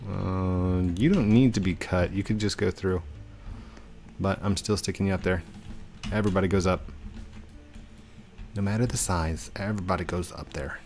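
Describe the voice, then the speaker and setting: A man hosting a gaming video, commentating in an excitable, rushed and joking manner. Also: sits low, faint music behind. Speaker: gaming channel host. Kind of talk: game commentary.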